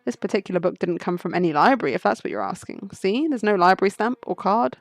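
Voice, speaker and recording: A woman's voice: medium pitch, fast talker, dry recording, lightly acted. A woman voicing a haughty, irritable male clerk with a snide, condescending manner.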